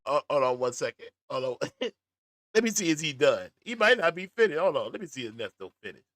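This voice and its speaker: A man hosting a reaction commentary, animated, often pausing the clip to talk. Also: a little high, no echo, clean studio sound. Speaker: commentary channel host. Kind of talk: reaction commentary on a played call.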